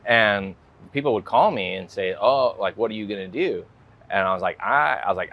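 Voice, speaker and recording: A creaky, fairly bright, lowish voice belongs to an American man being interviewed as a guest artist. He's animated and talks at a moderate pace, rambling casually with plenty of "like" and "you know."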